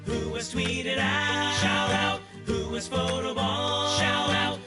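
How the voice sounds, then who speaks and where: Slow woman announcer over loud music. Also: sits high, fairly even intonation. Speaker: show segment announcer. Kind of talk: recorded segment bumper.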